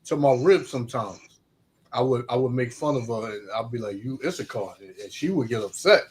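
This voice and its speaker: A man's voice: mid-range voice, fairly quick, a little hiss or hum. A man talking in a casual religious discussion, rambling with frequent restarts.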